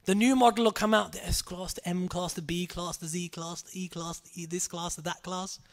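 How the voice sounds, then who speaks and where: A man giving an animated storytelling sermon, repeating phrases and acting out voices. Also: high-pitched, a little fast. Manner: animated, repetitive, acts out voices. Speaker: Sikh preacher.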